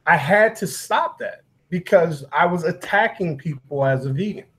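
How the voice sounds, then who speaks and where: A man speaks as a guest in a casual conversation, his voice pitched well above the usual male range. He tells his stories with animated emphasis and repeats words to drive a point home. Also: normal speed. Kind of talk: casual chat.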